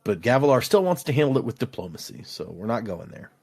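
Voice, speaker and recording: Animated man casually recapping a book. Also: mid-range voice, fast talker, slightly rough. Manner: animated, recaps scenes with lively acted-out quotes. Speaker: podcast co-host recapping a book. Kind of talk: casual book club chat.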